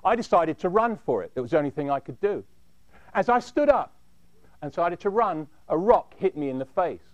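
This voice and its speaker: A man telling a dramatic first-person story in a measured way, dropping low at the end of his phrases. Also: sing-song, no room sound, dull audio.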